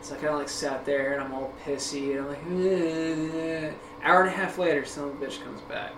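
A man hosting a podcast, telling a story in a casual, animated way, swearing freely and laughing often. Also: medium pitch, fast. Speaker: podcast host. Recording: echoey room with background noise.

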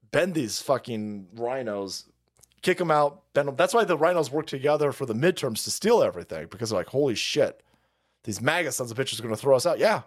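A man hosting a livestream, ranting in a crude, mocking way and often laughing. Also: mid-range voice. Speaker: streamer host.

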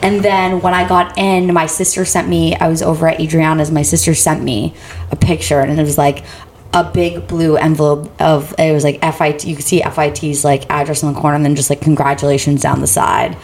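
A woman in her twenties chats easily with a friend, her voice a touch low for a woman. She tells animated stories and jumps up in pitch when quoting herself. A faint background noise sits under the recording. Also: fairly quick. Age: 20s. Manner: expressive, quotes herself in high voice, laughs. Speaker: co-host. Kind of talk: casual chat.

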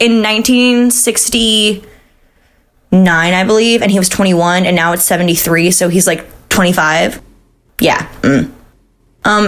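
A woman's voice: lowish voice, a bit bright. A woman co-hosting a true-crime podcast, telling the story in a casual, chatty way with fillers, swearing and laughs. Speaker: podcast co-host.

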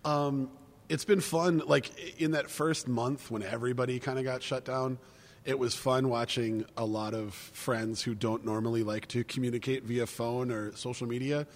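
A man's voice: medium pitch, fairly even intonation, moderate pace. Swearing, rambling man in a reverberant room. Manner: rambling, profane, laughs easily. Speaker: podcast co-host. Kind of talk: casual wine-tasting chat. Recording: long reverb.

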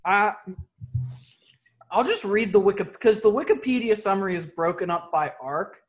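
A man's voice: high-pitched, animated. A young man hosting a casual podcast over a video call, rambling, swearing often and bantering with his friends. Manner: profane, rambling, quick to banter. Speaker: podcast host.

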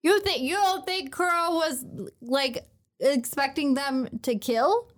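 A woman's voice: high voice, takes it slowly. A woman co-hosting a podcast in casual chat, arguing points and using lots of fillers. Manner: chatty, argumentative, filler-heavy. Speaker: podcast co-host.

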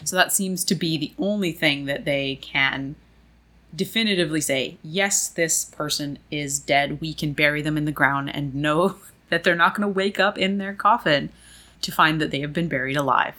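A woman's voice: low-pitched, moderate pace, bright, forceful tone. A woman presenting history research in a casual, chatty way, with frequent fillers. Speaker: podcast co-host presenting research. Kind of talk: casual informative chat.

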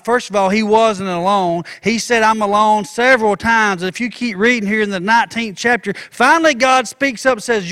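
A man's voice: extremely high pitch, normal speed, hardly any pauses, pushed and bright, long reverb tail. A man preaching a sermon in a rhythmic, repetitive style that builds emphasis.

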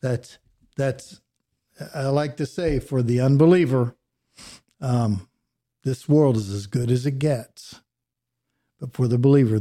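Man, pastor, bible teaching podcast, earnest preaching, mellow tone. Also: medium pitch, slow pace, long pauses. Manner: earnest preaching, drops to a hush on solemn points.

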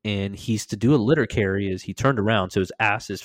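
Male podcast host, lowish voice, dry close sound, lively profane storyteller. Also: quick pace, no echo. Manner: animated, profane, acts out quoted lines. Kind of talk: casual storytelling.

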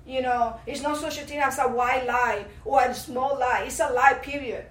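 A woman's voice: high-pitched, steady tone, moderate pace. A woman giving an earnest, impassioned sermon-style testimony as a church speaker. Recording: roomy sound from a distant mic.

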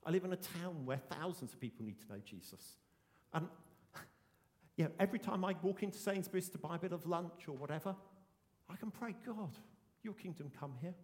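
A man delivers an earnest sermon, stressing his points and circling back to the same phrases. His voice sits high for a man. The sound carries a long reverb, as in a church hall. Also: lively intonation, fairly quick, a little mellow. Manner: earnest, emphatic preaching with repeated phrases. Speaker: pastor.

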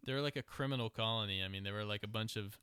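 Sardonic, low-voiced podcast co-host man. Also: quick pace, pushed and bright, smooth, dry recording. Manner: sardonic, joking, profane. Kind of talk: casual political chat.

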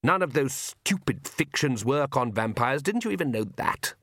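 A man's voice: mid-range voice, lively intonation, normal speed, fairly bright tone, no room sound, studio quality. A man voicing a suave, mocking vampire count. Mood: scornful. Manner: smooth, amused and condescending. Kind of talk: audiobook character reading.

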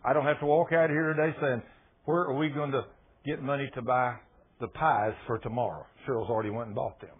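A man preaching a sermon in a folksy, emphatic way, repeating phrases and rising to loud peaks. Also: mid-range voice, steady tone, fairly quick, a little hiss or hum. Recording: husky voice over a tinny phone-like line.

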